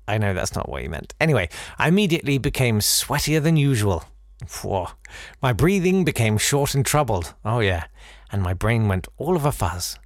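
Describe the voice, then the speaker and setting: A man's voice: on the low side, sing-song, moderate pace, dry recording, studio quality. A man hosting a podcast who reads a listener's story aloud, breaking off for wry, digressive asides and theatrical readings. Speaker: podcast host.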